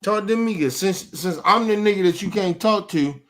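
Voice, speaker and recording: A man's voice: sits high, moderate pace. Angry man ranting in street slang. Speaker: podcast host. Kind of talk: heated rant to camera.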